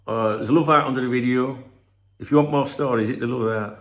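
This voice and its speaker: With a medium-pitched voice, fairly even intonation and a brisk delivery, this middle-aged man from Scarborough, England, rambles through a casual vlog. The football channel host swears freely and tells stories loaded with asides.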